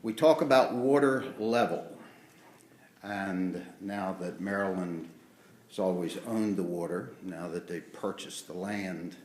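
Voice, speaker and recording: Slow, formal man at a hearing. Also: fairly low pitch, darkish tone. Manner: formal, measured address to officials. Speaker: resident giving public comment. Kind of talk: public hearing testimony. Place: public meeting room. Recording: roomy echo of a meeting hall.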